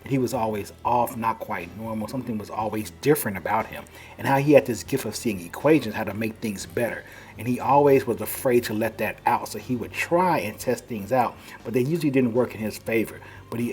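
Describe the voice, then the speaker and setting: A man's voice: fairly low pitch, a little fast, darkish tone. Chatty man recapping a comic. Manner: chatty, rambling with fillers like "you know". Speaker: comic book reviewer. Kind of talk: casual comic book recap.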